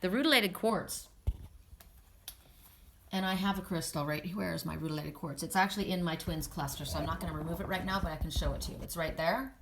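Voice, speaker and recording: A woman's voice: on the low side, fairly quick, a little hiss or hum. A woman giving a spiritual oracle card reading, speaking in an earnest, soothing way with affirmations.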